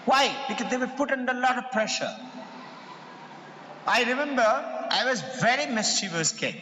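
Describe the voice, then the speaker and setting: A middle-aged man with an Indian English accent, a school president telling personal stories to parents in an animated, story-acting way. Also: very high-pitched, normal speed, muffled recording, a little hiss or hum. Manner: animated storyteller, acts out quoted voices. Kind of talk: motivational talk with personal stories. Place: large hall before an audience. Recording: echoey hall, faint ambience.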